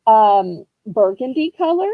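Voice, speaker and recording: Chatty high-voiced woman auction host. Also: sing-song, measured pace, phone-quality sound, crowd noise. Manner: chatty, gushing and upbeat. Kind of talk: live selling stream chat.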